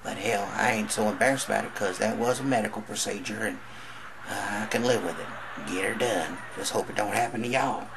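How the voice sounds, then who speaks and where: A man's voice: fairly low pitch, fairly quick, creaky, noisy background. A man telling stand-up jokes in a drawling, storytelling way, acting out the voices in his stories. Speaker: stand-up comedian.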